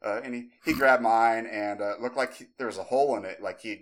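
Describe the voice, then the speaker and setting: A man's voice: on the low side, fast. A man in his thirties, a podcast co-host telling a long story, rambling with many fillers and restarts, and acting out the voices in it. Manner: animated, acts out voices in the story.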